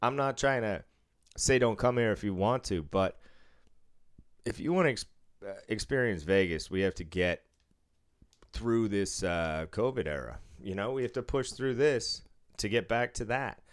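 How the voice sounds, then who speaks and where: A man's voice: lowish voice, moderate pace. A man in casual chat about his job on a casino floor, rambling, swearing freely and acting out what people said to him.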